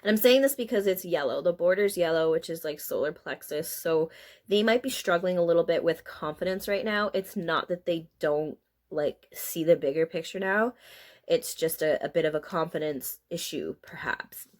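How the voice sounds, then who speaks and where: A woman's voice: fairly low pitch, moderate pace, a little mellow. A woman giving a casual spiritual card reading to her viewers, chatty and emotional, laughing often as she talks. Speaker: tarot card reader.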